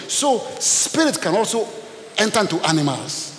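A man preaching a sermon as pastor, dramatic and animated, acting out scenes. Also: high voice, moderate pace. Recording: echoey hall with faint hiss.

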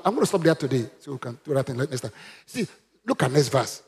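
A man's voice: medium pitch, big pitch swings, quick pace, creaky. A man preaching a sermon, emphatic and calling on the congregation to repeat after him. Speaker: pastor.

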